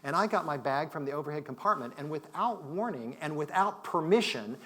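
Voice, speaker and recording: A man giving a conference talk, telling a story in a reflective way that moves between loud and hushed. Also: a little high, expressive, brisk. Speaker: conference speaker. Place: conference hall.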